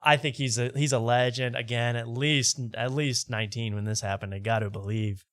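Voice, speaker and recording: A man's voice: mid-range voice, steady tone, moderate pace, fairly bright tone, dry recording, studio quality. A man hosting a podcast, chatting casually and joking while reacting to old clips. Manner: loose, joking commentary. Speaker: podcast host.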